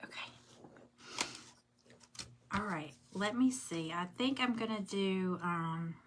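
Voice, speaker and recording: Crafting live on stream, a middle-aged woman with a Southern US accent rambles casually and says hello to viewers by name. She speaks slowly in a mid-range voice, with a noisy background.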